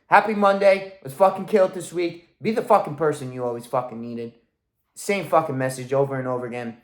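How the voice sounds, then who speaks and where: A man's voice: mid-range voice, brisk, reverberant. A man in his thirties ranting in a motivational vlog, intense and emphatic, swearing constantly as a coach. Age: 30s. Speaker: weight-loss coach.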